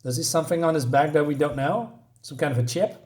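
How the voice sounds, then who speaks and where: A man's voice: on the high side, darkish tone. Sarcastic, rambling man reviewing comics. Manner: sarcastic, exasperated, rambling with many fillers; reads dialogue aloud in quick snatches. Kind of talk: casual spoken review.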